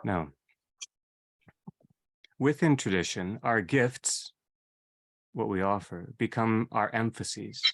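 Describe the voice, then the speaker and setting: Man lecturing slowly with repetitions. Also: on the low side. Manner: repeats and rephrases, unhurried. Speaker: seminar leader. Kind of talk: reflective theology lecture.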